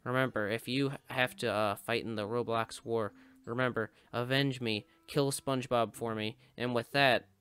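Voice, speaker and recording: A man's voice: medium pitch, steady tone, normal speed, fairly bright tone, smooth, faint music behind. A man giving casual, joking commentary while playing a video game, rambling and breaking into sudden yelps. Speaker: gaming YouTuber.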